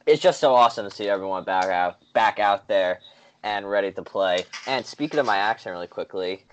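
A man's voice: lowish voice, a little fast. A man from Long Island with a New York accent, co-hosting a casual sports podcast in an upbeat way and reading notes aloud. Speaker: podcast co-host.

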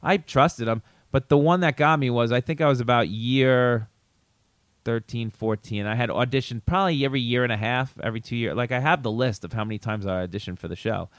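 A male comedian trades stories on a podcast, his voice smooth and resonant. The recording is dry and close. He livens his tales by acting out other people's lines in a higher voice. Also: brisk, dry recording. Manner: animated storyteller who acts out quotes in a raised pitch. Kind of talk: casual chat, storytelling.

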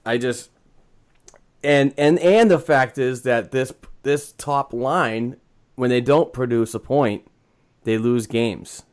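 A man's voice: mid-range voice, darkish tone, clean tone. Enthusiastic man reading out hockey stats. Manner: enthusiastic, reads out stats with halting restarts. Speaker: podcast co-host. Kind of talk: casual hockey chat.

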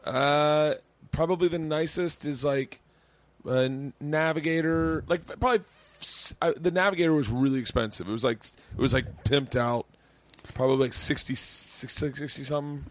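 A man's voice: on the high side, normal speed. A man hosting a podcast, chatting casually, swearing and laughing often. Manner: loose, swearing, laughs a lot. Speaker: podcast host.

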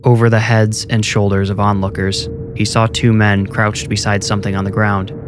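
A man reads a horror story in a steady, measured way, a low voice carrying the suspense. The delivery is scripted and even. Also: noisy background. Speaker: narrator. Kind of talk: scripted horror audiobook narration.

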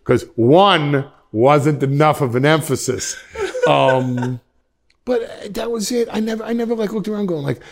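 A man in his fifties from Westchester, New York, telling stories as a podcast guest in an animated way, with many restarts. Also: fairly high pitch, measured pace, a crowd in the background. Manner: animated, many restarts, slips into quoted voices. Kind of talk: reflective storytelling in a podcast interview.

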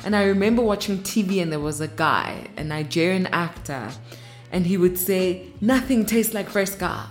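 A woman's voice: lowish voice, moderate pace, faint music behind. Upbeat chatty woman hosting a podcast. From South Africa. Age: 30s. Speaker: podcast host. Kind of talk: casual podcast monologue.

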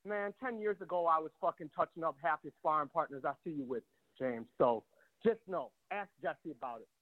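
A man's voice: fairly high pitch, brisk. A man in his late thirties calling in from a gym, out of breath, talking cocky, profane trash. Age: 30s. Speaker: fighter calling in. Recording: tinny phone line.

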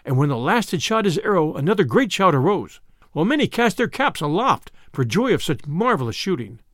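Expressive high-voiced male storyteller. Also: a little fast, dry recording, studio quality. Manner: expressive, archaic prose. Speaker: narrator. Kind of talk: storybook reading.

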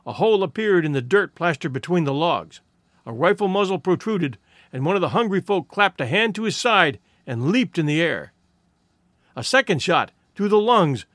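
A man reading a story aloud with drama and expression. His voice runs fairly high and moves a great deal, and it is recorded close and dry with no room sound. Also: a bit bright, dry recording. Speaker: narrator. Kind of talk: scripted audiobook narration.

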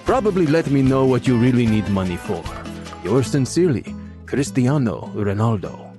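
A man's voice: medium pitch, big pitch swings, moderate pace, over music, lightly acted. A man putting on a mock Brazilian scam writer. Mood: mock earnest. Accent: put-on Brazilian. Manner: reads stiffly in a mock foreign accent. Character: scam letter writer posing as rich footballer, adult man.

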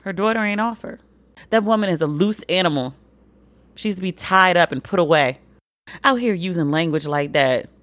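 Woman, podcast host, blunt, profane, swoops high for emphasis, dry close sound. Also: moderate pace, dry recording. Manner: animated, swings pitch high for emphasis. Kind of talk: solo comedic commentary.

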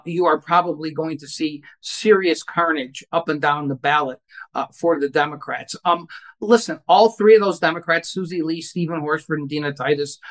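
A man giving interview answers on politics, wry and confident, and often restarting his sentences. His voice sits a little higher than most men's. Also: a bit bright. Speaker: political journalist guest.

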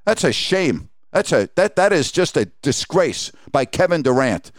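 A man's voice: fairly high pitch, very animated, unhurried, no room sound, studio quality. A male sports radio host delivering an indignant, emphatic rant full of rhetorical questions.

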